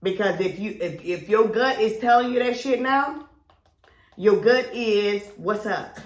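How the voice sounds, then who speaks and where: A woman co-hosting a podcast, telling a long story in a loud, animated way, acting out her friends and swearing freely. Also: mid-range voice, measured pace. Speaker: podcast co-host. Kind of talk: casual chat. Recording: roomy echo.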